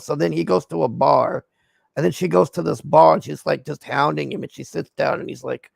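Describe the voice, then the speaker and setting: A man's voice: a little high, normal speed, gravelly, no room sound. A man giving a casual, profane movie recap on a livestream, blunt and exasperated. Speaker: streamer reviewing a movie.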